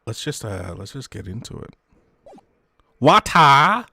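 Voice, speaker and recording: A man's voice: on the low side, a little fast, gravelly, breathy edge. A young Australian man chatting casually as a gaming streamer, rambling and correcting himself as he reads the game aloud. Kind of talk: let's play commentary, reading the game aloud.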